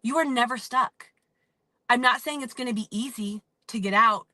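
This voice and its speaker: A woman in her thirties telling a personal story as a motivational talk, animated and emphatic, acting out the lines of the people in it. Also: a little high, moderate pace, no room sound. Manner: animated, acts out quotes, emphatic. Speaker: motivational speaker. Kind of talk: storytelling monologue.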